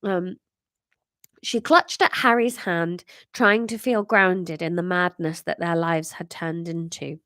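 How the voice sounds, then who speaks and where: A woman's voice: on the low side, fairly even intonation, slow, a bit bright, no room sound, studio quality. A woman in her thirties with a congested, nasal voice chats casually on a live stream and reads her own story aloud, with self-mocking asides and lots of fillers. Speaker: comedian host reading her own story.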